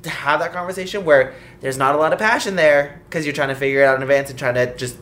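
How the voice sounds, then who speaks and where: A co-host in casual chat, calmly explaining views on relationships. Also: mid-range voice, quick pace, slight background noise.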